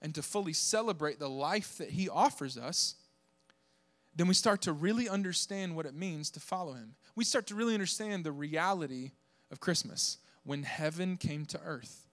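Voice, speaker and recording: At a moderate pace, a young Southern-born pastor preaches to his flock in a voice that's high for a man. He's animated and joking, and his voice rises to shouts for emphasis.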